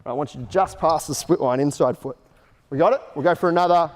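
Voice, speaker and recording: A man coaching a basketball clinic on an indoor court, explaining drills in short casual instructions and calling out quick cues. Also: on the high side. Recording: echoey gym hall reverb.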